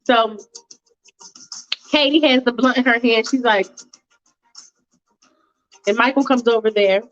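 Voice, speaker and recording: A woman's voice: fairly high pitch, a little slow, highs cut off. A woman casually narrating a fan-fiction story in a chatty, slangy, playful way.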